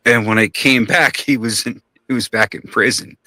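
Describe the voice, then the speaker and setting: A man's voice: mid-range voice, fairly even intonation, normal speed, bright, forceful tone, dry recording. A man telling a long story in casual podcast talk, rambling and profane, acting out the voices of the people in it.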